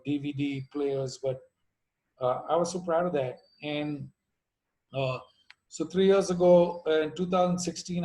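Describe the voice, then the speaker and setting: A man's voice: fairly high pitch, a little mellow, rough recording. A middle-aged man from India telling his recovery story to a meeting, with dry jokes and asides along the way.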